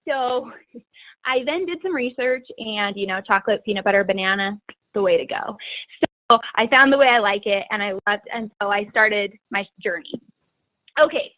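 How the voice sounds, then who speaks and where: A woman's voice: on the high side, no room sound. A woman speaking as a guest fitness coach, telling her story in a chatty way with lots of "like" fillers. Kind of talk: personal testimony talk. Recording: tinny phone-line sound, dry.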